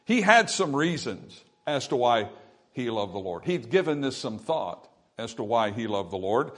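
A man's voice: mid-range voice, sing-song, normal speed. A man preaching a sermon, reading scripture and asking the congregation "Amen?" as he goes. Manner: emphatic preaching with call-and-response "Amen?"; swings between loud emphatic quotes and quieter asides. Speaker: pastor.

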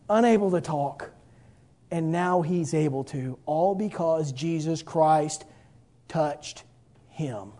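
A man's voice: fairly high pitch, dark tone. A man preaching a sermon as a pastor, impassioned, and reading scripture aloud. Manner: impassioned, preaching with rising and falling intensity; reads scripture in archaic King James wording.

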